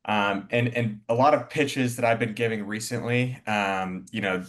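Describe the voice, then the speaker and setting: A man on a panel asks a long question, restarting and searching for his words as he goes. His voice sits on the low side. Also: steady tone, normal speed, fairly bright tone. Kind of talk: panel discussion.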